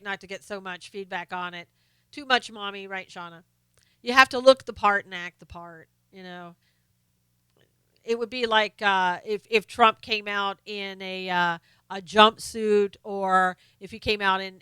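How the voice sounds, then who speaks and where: A woman reads out viewer comments on her casual live stream, chatty and halting with plenty of fillers and restarts, her voice starting to give out. The tone is medium-pitched, pushed and bright, clear and resonant, with no echo.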